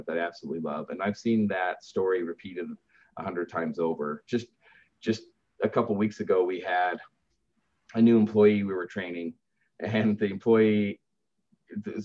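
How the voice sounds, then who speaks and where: A man's voice: lowish voice, a little mellow. A man who runs a business helping grieving families, telling stories earnestly and lifting his voice when he quotes others. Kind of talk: storytelling in conversation. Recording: dull lo-fi sound.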